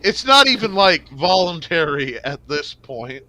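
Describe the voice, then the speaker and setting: A man's voice: a little high, very animated, unhurried, pushed and bright. A man running a tabletop game as game master, narrating in a loose, joking, profane way.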